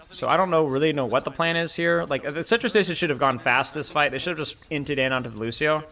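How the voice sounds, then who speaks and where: A man's voice: a little high, quick pace. A young man co-streaming an esports match, joking with his chat and breaking down the plays in casual live-stream commentary. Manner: animated, joking, talks straight to chat.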